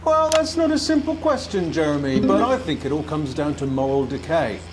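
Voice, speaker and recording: An actor playing a pompous, bigoted older studio pundit over a noisy line. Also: male voice, fairly high pitch, expressive, brisk, lightly acted. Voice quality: pompous, self-assured.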